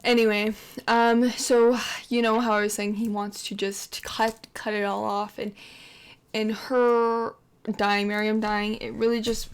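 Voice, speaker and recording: A woman's voice: fairly high pitch, a little mellow. Chatty woman narrating her game. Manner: rambling, many fillers, chatty asides. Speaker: gameplay commentator. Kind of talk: casual game commentary.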